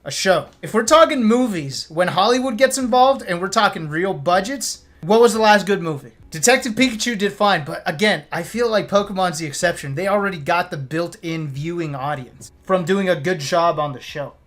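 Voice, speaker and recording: A man's voice: high voice, normal speed, hardly any pauses, a bit bright. A young man streaming live, ranting in a blunt, sarcastic way and swearing freely. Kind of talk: casual live-stream rant.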